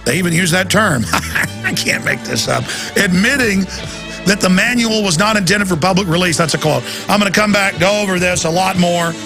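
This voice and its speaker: A man's voice: high voice, fairly quick, music in the background. A man hosting a talk radio show, delivering an intense, emphatic, ranting monologue into a studio microphone.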